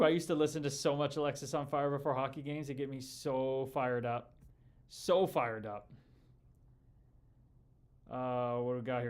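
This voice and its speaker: A man's voice: mid-range voice, steady tone, moderate pace, pauses often, a little mellow. A man hosting a livestream in a casual, chummy way, reading viewer comments aloud and calling people brother and dude. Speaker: livestream host and former hockey player.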